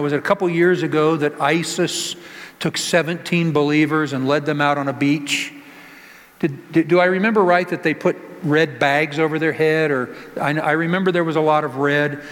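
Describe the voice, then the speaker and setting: A man's voice: a little high, fairly bright tone. A male pastor giving a conversational sermon, asking the congregation rhetorical questions and joking with them. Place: church sanctuary. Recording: long reverb of a church hall.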